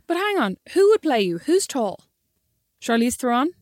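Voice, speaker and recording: A woman's voice: high voice, moderate pace, dry recording. Teasing woman, dry close sound. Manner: teasing, animated storytelling. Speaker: podcast co-host. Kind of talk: casual chat.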